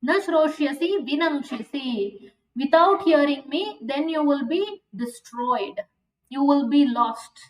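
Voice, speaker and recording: A woman teaching a scripture class, telling stories and asking questions, and slowing down to stress her points. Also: high-pitched, lively intonation. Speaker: spiritual teacher. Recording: echoey and distant online class audio.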